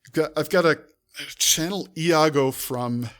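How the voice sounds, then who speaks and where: A man's voice: a little high, a little slow, a bit bright. A man streaming live, reading out a text adventure and breaking off with offhand asides. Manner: reads aloud with offhand asides. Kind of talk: live-streamed game narration.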